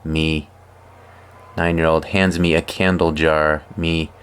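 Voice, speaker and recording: A man hosting a comedy video, reading funny posts aloud with wry, deadpan asides. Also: extremely low pitch, slow, clear, resonant tone. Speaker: host reading viewer posts.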